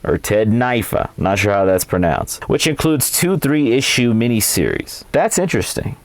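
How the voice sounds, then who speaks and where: A man presenting and reviewing a video game in a relaxed, conversational way. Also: medium pitch, normal speed, dry recording. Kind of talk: casual game commentary.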